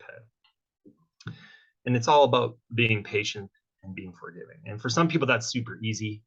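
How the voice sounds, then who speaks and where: A man's voice: fairly low pitch, normal speed, a bit bright, breathy edge. Man, guest speaker, motivational workshop talk, conversational, keeps asking "right?", dull muffled recording. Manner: casual, conversational, frequent "right?" and "okay?" tag questions. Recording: dull lo-fi sound.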